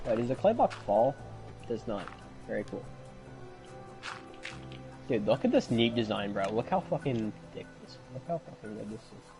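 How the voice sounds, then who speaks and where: A man's voice: medium pitch, sing-song, moderate pace, long pauses, poor audio. Young guy streaming, swears a ton, joking around, music playing under him. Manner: profane, joking, loud swings. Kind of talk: casual gaming chat.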